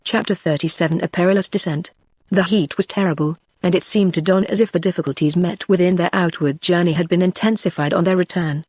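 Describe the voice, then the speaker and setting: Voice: medium pitch, fairly even intonation, fairly quick, dry recording. Dry synthetic audiobook narrator voice. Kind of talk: synthetic text-to-speech narration.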